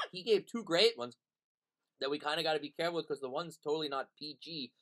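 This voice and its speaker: A man's voice: a little high, big pitch swings, fairly quick, a bit bright. A man from Pennsylvania co-hosting in loose, comedic banter. His voice swings widely up and down as he teases and trades jokey insults. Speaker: co-host, resident Pennsylvania Dutchman.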